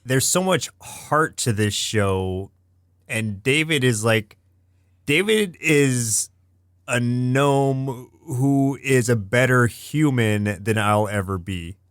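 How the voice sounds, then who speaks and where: Relaxed male podcast co-host, dry sound. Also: medium pitch, clear, resonant tone, no room sound. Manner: relaxed, drawn-out, many fillers. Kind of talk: casual chat about cartoons.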